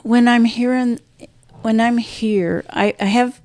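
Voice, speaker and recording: An older woman, a podcast guest, telling a painful personal story, halting and restarting, her voice dropping low and soft at hard moments. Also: fairly even intonation, no echo, clean studio sound.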